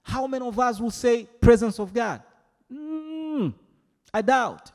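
A man preaching a sermon as pastor, animated and playful, often mimicking his congregation. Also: very high-pitched, takes it slowly. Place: large church hall. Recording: long hall reverb.

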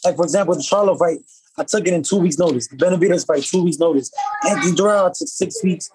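A man from upstate New York, a professional boxer, telling stories as a podcast guest in a casual, slangy, animated way. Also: on the high side, noisy background. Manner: fast, slangy, animated storytelling. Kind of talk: casual storytelling.

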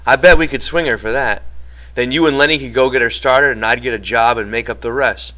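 A man voicing a guarded ranch worker in rough, plain rural speech. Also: medium pitch, animated, moderate pace, sharp tone. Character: wary dreaming male ranch worker, guarded.

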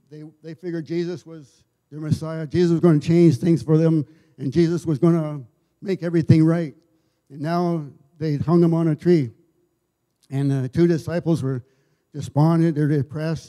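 Dark-voiced man preaching haltingly. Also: fairly high pitch. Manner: halting, repeats and restarts words, conversational storytelling. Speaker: lay preacher. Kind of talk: informal sermon. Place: church service.

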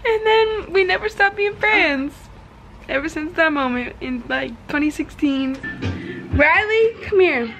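A young woman vlogging at home, loud, giggly and chatty with plenty of swearing, her voice hoarse after days of drinking. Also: very high voice, lively intonation, measured pace, faint music behind, rough recording. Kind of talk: casual vlog chat.

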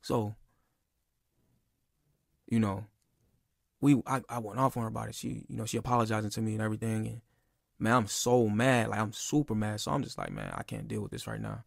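A man's voice: lowish voice, steady tone, brisk, creaky, long pauses, no room sound, clean studio sound. A young man telling a personal story in a casual, rambling and heated way, with lots of "bro" and "like.". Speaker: podcast speaker.

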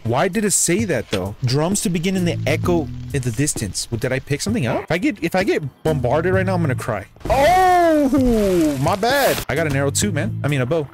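Man, casual game commentary, jumpy exclamations, very animated pitch, music underneath. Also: fast talker, hardly any pauses. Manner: excitable, jumpy exclamations and sudden high yelps. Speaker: gaming streamer. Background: background music.

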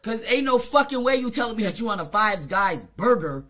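A streamer from Jamaica with a Jamaican accent, telling a story in a casual, profane, rambling rant full of fillers and quick mimicked asides. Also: mid-range voice, animated, sharp tone. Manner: mimics other people in short quoted asides.

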